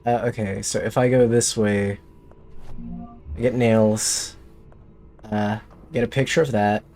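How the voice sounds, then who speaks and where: A man's voice: lowish voice, fairly even intonation, slow, darkish tone, soft background music. A man streaming a horror game, talking to himself in jumpy, joking commentary. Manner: jumpy, talks to himself, jokey. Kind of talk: let's play commentary.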